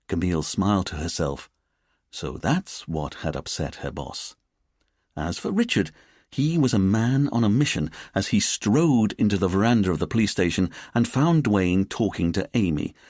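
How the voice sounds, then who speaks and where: A man narrating a mystery audiobook in a measured, expressive storytelling manner. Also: low-pitched, husky, no room sound, clean studio sound. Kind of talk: scripted narration.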